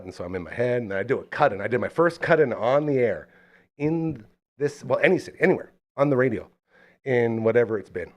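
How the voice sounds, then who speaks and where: A man's voice: medium pitch, fairly quick. A man hosting a casual podcast chat, telling stories animatedly and acting out what people said. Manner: animated storyteller, acting out quotes. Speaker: podcast host.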